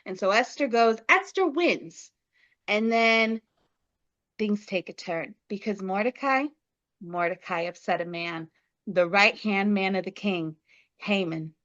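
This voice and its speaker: A woman's voice: medium pitch, unhurried, fairly bright tone, highs cut off. A woman co-hosting a podcast, casually retelling a story in playful slang and acting out the characters' lines. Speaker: podcast co-host.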